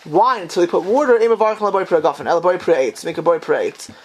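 A man's voice: high-pitched, racing. A man teaching a class on a text, quizzing his students and bursting into dramatic exclamations.

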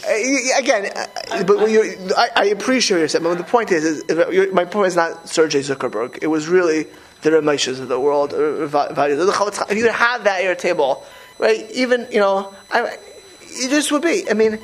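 A middle-aged man talking in a casual conversation, animated and emphatic, often restarting his sentences. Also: high-pitched, a little fast, low-quality recording.

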